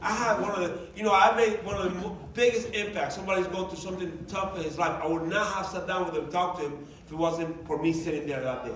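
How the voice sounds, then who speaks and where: A man, a coach and motivational speaker, tells personal stories to a live audience in an animated, emotional way. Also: high voice, noisy background. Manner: animated, emotional storytelling with shifting volume and quick asides. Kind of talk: storytelling talk to a live audience. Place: large event room. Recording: echoey hall, distant mic, audience nearby.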